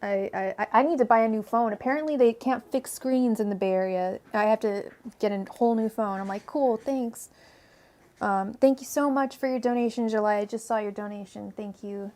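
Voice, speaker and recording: This tarot reader speaks brisk and mid-range, barely pausing, her tone leaning dark. She has a Californian accent and hosts a casual livestream where she chats loosely, laughing, restarting and dropping plenty of fillers. The audio comes from her own home microphone.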